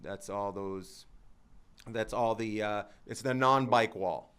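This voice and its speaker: A man's voice: fairly low pitch, takes it slowly, a bit bright, clear, resonant tone. A man hosting a casual comedy podcast with a Canadian accent, rambling, restarting his sentences and laughing often. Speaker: podcast host.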